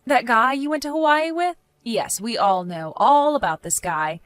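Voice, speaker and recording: Firm, lively woman narrator. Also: fairly high pitch, normal speed, no room sound. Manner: firm, scolding. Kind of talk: first-person story narration.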